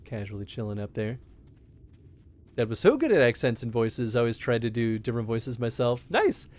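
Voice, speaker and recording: A man's voice: medium pitch, big pitch swings, moderate pace, darkish tone. A man streaming a game, chatting casually and animatedly, laughing often. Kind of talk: casual gameplay chat.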